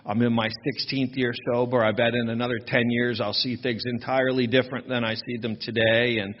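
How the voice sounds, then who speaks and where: A man talking to a workshop crowd in a loose, chatty way, poking fun at himself and tossing in "right?" asides. His pitch sits in the middle of the usual male range, and the recording sounds slightly dull and lo-fi. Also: flat delivery, a little fast, in a large hall, slight background noise. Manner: chatty and self-deprecating, with frequent "right?" asides. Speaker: recovery workshop speaker. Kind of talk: casual workshop talk to an audience.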